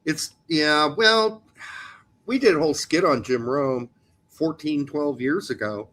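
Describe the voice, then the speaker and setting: A man's voice: on the high side, measured pace, fairly bright tone. A man co-hosting a soccer podcast in a casual, joking chat, teasing his co-host about pronunciations.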